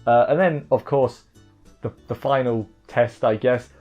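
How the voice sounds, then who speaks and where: A man recapping an anime episode in casual chat, joking and rambling with quick asides. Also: medium pitch, dull audio, faint music behind. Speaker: anime reviewer.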